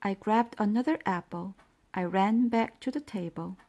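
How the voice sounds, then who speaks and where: A woman narrating a bedtime story in a clear, storytelling manner. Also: medium pitch, moderate pace, darkish tone.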